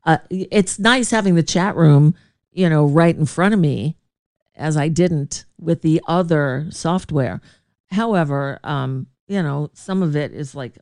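A woman radio host tells a rambling story in an easy, unhurried way, laughing often between thoughts. Her voice sits a little low. The sound is dry and close, with no room around it. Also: a little mellow, no echo. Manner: chatty, digressive, laughing often. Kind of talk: casual storytelling to a live chat.

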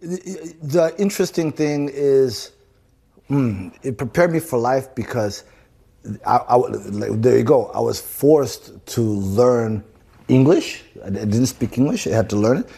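Interview guest, male, from Zimbabwe. Halting, restarts a lot, casual delivery. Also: medium pitch, creaky, mellow, husky. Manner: halting, repeats words and restarts often.

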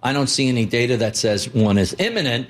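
Male guest, mid-pitched voice, blunt, emphatic, interview talk. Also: expressive, quick pace. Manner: blunt, emphatic, lists examples. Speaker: guest investor. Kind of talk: interview conversation.

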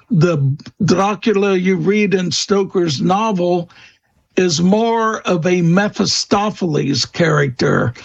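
Male interview guest, unhurried and halting, high gravelly tone, muffled recording. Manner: slow, hesitant, many fillers and restarts. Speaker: guest expert on vampire lore. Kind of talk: interview answers.

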